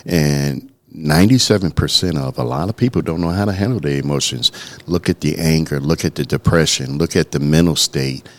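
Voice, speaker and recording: A man's voice: a bass voice, brisk. A middle-aged man, a pastor co-hosting a podcast, talking earnestly and telling a personal story, often restarting his words. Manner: earnest, storytelling, repeats words when starting. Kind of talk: casual podcast conversation.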